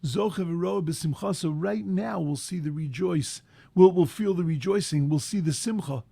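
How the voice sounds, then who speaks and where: A man giving a sermon as a rabbi, impassioned, rising to loud emphatic peaks, mixing in Hebrew terms and translating them. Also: on the high side, normal speed, gravelly, no room sound.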